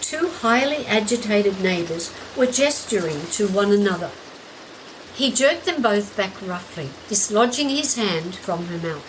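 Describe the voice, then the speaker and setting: A woman narrating a short story in a measured, gentle way. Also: medium pitch, a little hiss or hum, low-quality recording. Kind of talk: scripted narration. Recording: steady rain in background.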